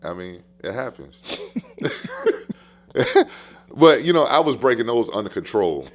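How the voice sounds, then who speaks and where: A man who coaches basketball, telling stories on a podcast in a casual, animated, slangy way and repeating phrases for emphasis. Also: mid-range voice, slow, soft background music.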